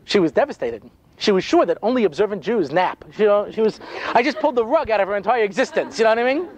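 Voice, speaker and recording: A man speaking as a rabbi, telling a comic story to a room with a lively, bouncing pitch. His humor is dry and sarcastic, and he peppers his sentences with casual "you know" asides. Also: fast talker. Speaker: rabbi giving a talk.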